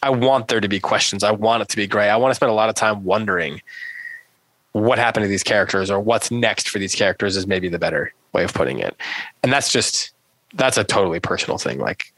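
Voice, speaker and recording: Low-voiced man musing on books. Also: fairly bright tone, dry recording, low-quality recording. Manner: thoughtful, rambling with restarts. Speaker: podcast host. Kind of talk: casual book discussion.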